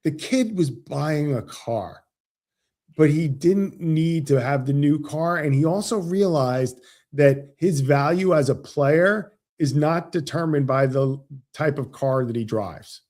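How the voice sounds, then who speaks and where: Animated man telling a story. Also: fairly high pitch, slow. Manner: animated, acts out quoted dialogue. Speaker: financial advisor guest. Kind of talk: casual interview storytelling.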